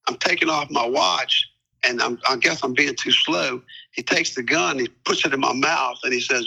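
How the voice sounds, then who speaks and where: An older man tells his story in a calm, unhurried way, leaning on fillers and repeated words. His voice is gravelly and strongly forceful, with a bright, tense edge. He speaks as a guest in an interview. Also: mid-range voice, rough recording. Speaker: guest, retired police captain.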